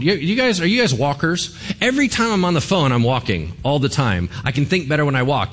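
A man's voice: on the high side, fairly bright tone. A man, a pastor, giving a sermon in a conversational, joking way, often asking the congregation questions.

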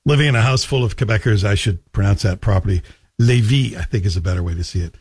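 A man's voice: lowish voice, very fast, background noise. A man hosting talk radio, delivering a joking, sarcastic monologue.

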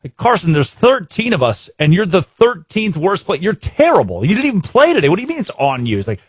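Excitable sports host, husky and fairly high-pitched, dry close mic, restless rambling delivery. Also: male voice, a little fast, few pauses, dry recording. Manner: excitable, talks in bursts with repeats and restarts. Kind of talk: animated sports commentary.

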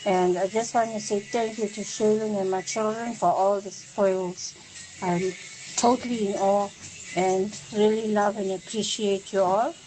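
Chatty woman caller, mid-pitched, cheerful. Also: fairly even intonation, unhurried, mellow, a little hiss or hum, rough recording. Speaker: caller leaving a voice note.

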